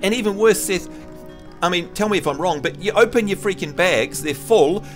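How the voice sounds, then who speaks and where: Give me a chatty man from New Zealand hosting a game stream, lively pitch, soft music underneath. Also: normal speed. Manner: chatty, upbeat, teasing friends. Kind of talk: casual live-stream chat.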